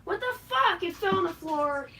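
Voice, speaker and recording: A woman's voice: very high-pitched, animated, moderate pace, pushed and bright. A woman streaming casually, swearing and stammering as she chases loose crickets into a cage. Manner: frustrated, swearing, stammering restarts. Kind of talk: casual live stream talk.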